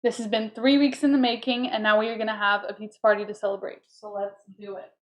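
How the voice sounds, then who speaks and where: A young woman streaming a game at home, chatting casually and excitably with her viewers, breaking into squeals of joy. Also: mid-range voice, fast talker, muffled recording, a little hiss or hum. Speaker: gaming streamer. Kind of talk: casual live-stream chat. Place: home, moving to kitchen.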